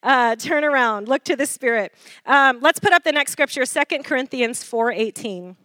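A woman preacher delivering a lively sermon, laughing often and calling for responses from the congregation. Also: sits high, moderate pace, dry recording.

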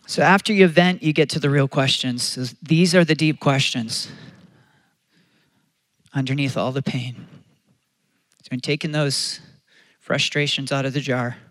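A man's voice: mid-range voice, steady tone, a little slow, long pauses, fairly bright tone, dry recording. A man preaching a sermon as pastor, earnest and conversational, often restarting his phrases.

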